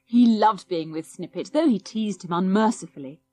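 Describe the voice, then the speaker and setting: A woman reading a children's audiobook in a lively, expressive storytelling voice. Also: mid-range voice, moderate pace, dry recording. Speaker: audiobook narrator.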